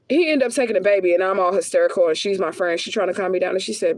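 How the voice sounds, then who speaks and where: A woman's voice: mid-range voice, very fast, hardly any pauses, dry recording. A woman spiritual reader giving a casual reading, talking in a blunt, profane way and repeating herself with heat for emphasis. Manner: emphatic, heated repetition.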